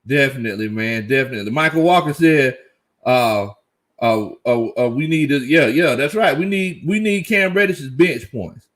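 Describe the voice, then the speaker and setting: A man hosting a casual live fan reaction stream, excited, laughing often and reading out chat comments. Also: medium pitch, normal speed. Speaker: sports fan livestream host.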